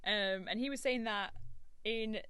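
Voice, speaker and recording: A woman co-hosting a podcast, rambling and animated in casual talk, with the odd swear. Her voice sits at a middle pitch. She is recorded close and dry, with no room sound. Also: measured pace, clean tone, no room sound. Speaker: podcast co-host. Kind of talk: casual chat.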